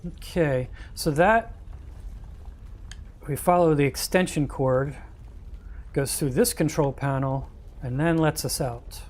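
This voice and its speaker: A man's voice: fairly high pitch, slow pace, pauses often, darkish tone. A man casually commenting on a game he is streaming, joking and reacting aloud.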